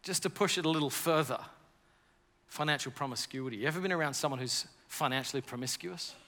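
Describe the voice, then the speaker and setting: A male preacher delivers a lively, story-driven sermon to an audience in a large hall. His voice is bright and forceful, carried by long reverb off the walls. He moves between scripture reading and chatty anecdote. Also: fairly high pitch, fast talker.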